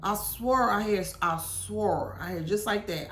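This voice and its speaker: A woman's voice: medium pitch, measured pace, fairly bright tone, roomy sound, slight background noise. A woman doing a casual tarot reading, musing aloud in slangy speech with sudden exclamations. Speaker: tarot reader.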